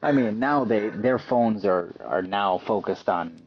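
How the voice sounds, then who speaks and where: A man hosting a casual podcast chat, relaxed, reading out news in an easy way. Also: lowish voice, measured pace. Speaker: podcast host. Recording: dull lo-fi podcast audio.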